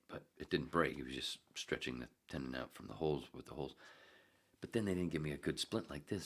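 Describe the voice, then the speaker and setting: A man's voice: very deep voice, vocal fry, a bit bright, husky. A middle-aged man hosting a podcast alone, rambling through self-mocking stories in casual chat and reading out a live chat. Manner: rambling, self-mocking, drops into whispers and laughs. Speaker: podcast host.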